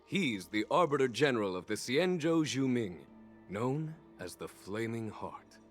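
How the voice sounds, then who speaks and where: A man's voice: medium pitch, very animated, measured pace, soft background music. An actor playing a friendly, courteous general in a video game who chuckles as he talks. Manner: cordial, chuckles often. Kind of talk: game voice acting.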